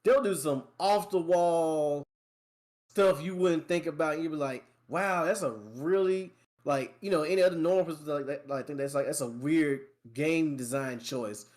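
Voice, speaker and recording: A man's voice: a little high, moderate pace, a little mellow. A man chatting casually about video games. He rambles and fills his talk with "like, you know.". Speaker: guest gamer friend. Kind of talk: casual chat.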